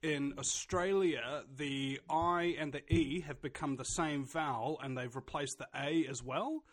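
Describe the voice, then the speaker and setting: A man's voice: on the high side, steady tone, unhurried. A man with a New Zealand accent in a casual chat, blunt and opinionated, often restarting his sentences.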